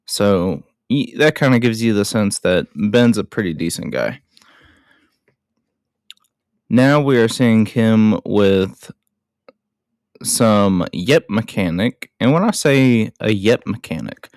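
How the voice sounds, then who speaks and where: A man's voice: on the low side, expressive, slow pace, long pauses, a little mellow, no room sound, clean studio sound. A young adult man hosting a show, chatting through a movie recap in a rambling way with casual swearing. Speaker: podcast host.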